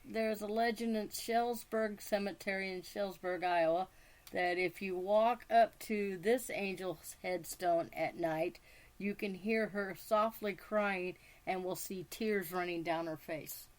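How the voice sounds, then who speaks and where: A woman's voice: medium pitch, steady tone, unhurried. A woman co-hosting a radio chat, reading legends aloud in a plain, matter-of-fact way.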